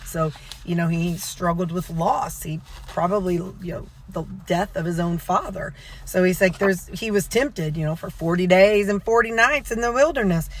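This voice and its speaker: A woman's voice: fairly low pitch, slight background noise. A woman vlogger in a car, casually retelling a sermon in a rambling way, full of fillers and self-corrections. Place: inside a car.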